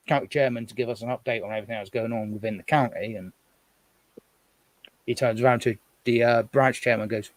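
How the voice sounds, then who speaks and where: A man's voice: medium pitch, fairly even intonation, quick pace, no room sound. A man chatting casually on a live stream, rambling and thinking aloud as he sorts through things at home.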